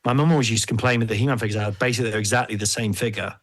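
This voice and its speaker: A man hosting a podcast, chatting casually in an animated, rambling, jokey way. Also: lowish voice, rapid-fire. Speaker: podcast host.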